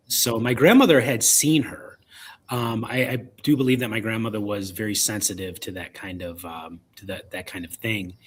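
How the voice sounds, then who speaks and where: A man's voice: lowish voice, a bit bright, a little hiss or hum. A man with a Chicago accent, a podcast guest telling a personal ghost story, with lots of fillers and restarts. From Illinois, United States. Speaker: podcast guest, paranormal investigator.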